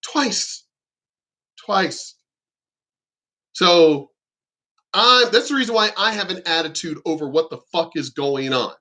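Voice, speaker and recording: Bright-voiced man ranting indignantly. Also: high-pitched, slow, long pauses. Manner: emphatic, indignant, frequently swearing; repeats himself and restarts sentences. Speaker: vlogger. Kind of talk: ranting monologue to camera.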